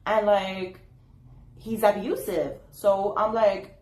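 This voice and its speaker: A woman's voice: mid-range voice, little pitch movement, takes it slowly, darkish tone, echoey room, poor audio. A young woman talking casually to camera in an advice vlog, chatty and full of fillers, acting out what people said. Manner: chatty, lots of fillers, acts out quotes. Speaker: YouTuber.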